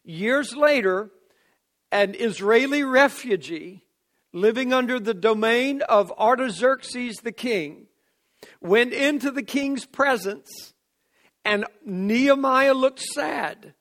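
A man's voice: extremely high pitch, slow, fairly bright tone. A man preaching a sermon, speaking emphatically and building to fervent declarations.

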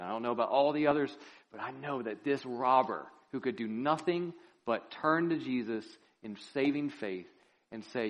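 A male pastor preaching a sermon in a church, swinging between loud, impassioned lines and hushed, quiet ones. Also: mid-range voice, moderate pace, dull audio.

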